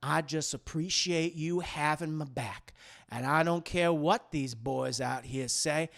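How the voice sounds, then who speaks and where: A gentle, soft-spoken young football player as a man puts him on, talking slowly and quietly in a lowered voice. The tone stays gravelly underneath. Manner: slow and soft.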